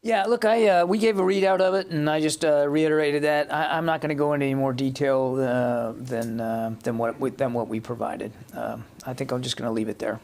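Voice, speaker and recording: A middle-aged man fielding questions at a press briefing in a briefing room. His voice sits at an ordinary pitch, and he speaks haltingly, repeating words as he gathers his answers. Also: steady tone, darkish tone. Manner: halting, many restarts and fillers. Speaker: press secretary.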